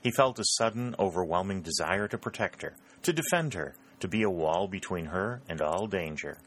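A man narrating a novel as an audiobook, steady and measured. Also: low-pitched, breathy edge.

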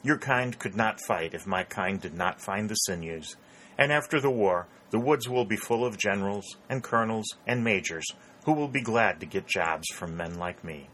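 A man voicing a shrewd, rotund elderly male war contractor who talks in a smooth, self-assured way. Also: lowish voice, moderate pace, a bit bright, a little hiss or hum, natural voice, rough recording.

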